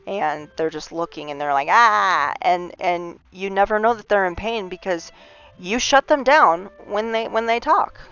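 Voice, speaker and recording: A woman's voice: lowish voice, vocal fry, clean tone. A woman hosting a livestream, talking in an earnest, impassioned monologue full of restarts and rising emphasis. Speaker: livestream host. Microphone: streaming mic. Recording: slightly dull lo-fi stream audio.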